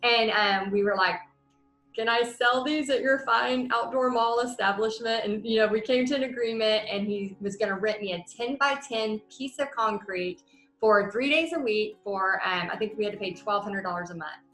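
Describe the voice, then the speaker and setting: A woman in her thirties telling a personal business story in a chatty, animated way, with many fillers. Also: on the high side, normal speed. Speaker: paint party business coach. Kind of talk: casual storytelling monologue. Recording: roomy echo with faint music.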